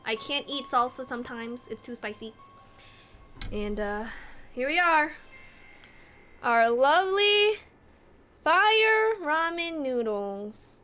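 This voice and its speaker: A woman's voice: high-pitched, lively intonation, slow, pauses often, sharp tone. A woman streaming live, chatting casually and talking straight to her chat. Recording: music playing clearly behind her.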